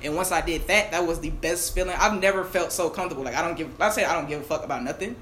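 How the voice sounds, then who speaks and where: A young adult podcast co-host telling a personal story in fast, candid, slang-filled casual chat. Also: mid-range voice, fairly bright tone. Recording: echoey room, mic at a distance, faint hiss.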